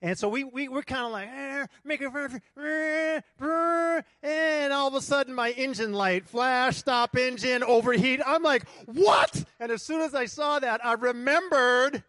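A man preaching a sermon to a congregation, telling a lively personal story and asking the room for responses. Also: very high-pitched, a little slow, hardly any pauses, no room sound, studio quality. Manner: animated storytelling, talks to the congregation. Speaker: pastor. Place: church hall with congregation.

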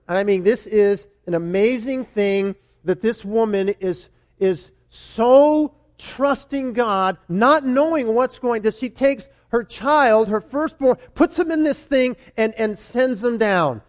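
High-pitched pastor guy, chatty sermon, keeps repeating for emphasis. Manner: animated, conversational preaching with emphatic repetition.

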